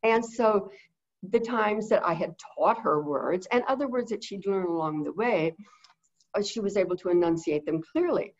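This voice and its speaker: A middle-aged guest bird behavior consultant teaches in a webinar over a video call mic, talking fast and rambling with plenty of fillers. Her low-set voice is animated, though the audio sounds dull.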